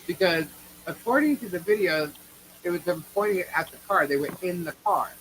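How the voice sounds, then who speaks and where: A woman with a New York accent co-hosts a livestream, chatting casually and reacting to viewers in a blunt, opinionated way with casual cursing. Her voice is fairly low, brisk, and a bit bright, in a rough recording with light background noise.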